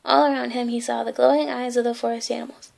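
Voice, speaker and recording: A woman reads a bedtime story aloud, gently and with small asides. Her voice sits high and has a noticeable gravelly fry. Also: flat delivery, fast talker. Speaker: reader.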